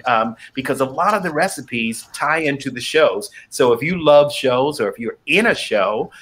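Bright, gushing man hosting. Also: medium pitch. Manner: gushing, animated, laughs often. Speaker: host. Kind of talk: casual live show chat.

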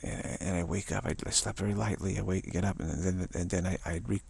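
A man giving a spiritual talk who speaks haltingly, stammers and repeats words, and chuckles at his own points. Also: sits low, fairly even intonation, creaky, a little mellow, breathy edge, no echo. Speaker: spiritual teacher.

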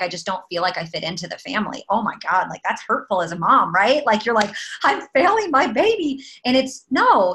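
A woman in her thirties, a network marketing team leader, talking in an animated, emphatic, chatty way with lots of fillers. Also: mid-range voice, poor audio. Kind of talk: casual talk.

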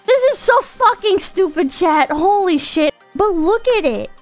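A woman with a very high voice chats casually with viewers on a live stream, unhurried yet excitable and profane. She swings between loud outbursts and deflated mutters, with faint music playing behind her.

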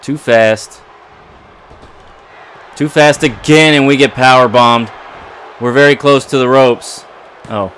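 A man commentating his own wrestling video game play, excitable and trash-talking his opponent. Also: medium pitch, takes it slowly, long pauses, a little hiss or hum. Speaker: gaming commentator.

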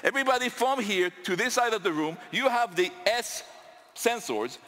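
Bright-voiced man demoing on stage. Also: sits high, normal speed. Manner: lively, rallies the audience. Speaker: tech demo presenter. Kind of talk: live on-stage product demo. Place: large conference hall with audience. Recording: echoey hall with crowd noise.

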